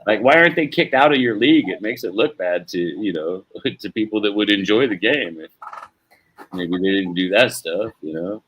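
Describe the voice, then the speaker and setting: A man with a fairly low voice hosts a casual sports chat on a live stream. He rambles in a laid-back way and drops the odd swear word. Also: lively intonation, moderate pace, fairly bright tone, slightly rough, poor audio. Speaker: stream host.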